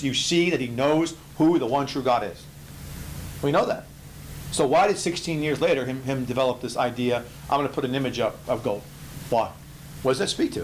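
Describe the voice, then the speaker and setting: A man leading an informal Bible study, emphatic and full of rhetorical questions, swinging from low murmurs to loud bursts. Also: slight background noise, poor audio.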